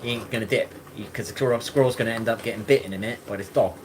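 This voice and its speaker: A man's voice: on the low side, rapid-fire, background noise. A man hosting a live stream in casual chat, rambling, swearing and greeting viewers by name.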